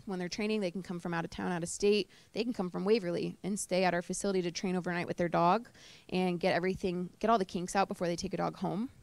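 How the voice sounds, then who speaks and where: A woman speaks to a small audience in a relaxed, chatty way, full of fillers and quick asides. Her voice sits in a middling register, and the sound is dry and close. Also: mid-range voice, clean tone, dry recording. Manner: chatty, emotional, with fillers and laughter. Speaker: service dog trainer giving a talk. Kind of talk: informal presentation to a live group. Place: indoor talk to a small audience.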